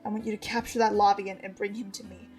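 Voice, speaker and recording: A woman voicing a cold, commanding young princess who speaks low and quietly. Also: little pitch movement, fast talker, soft background music, close to an everyday voice.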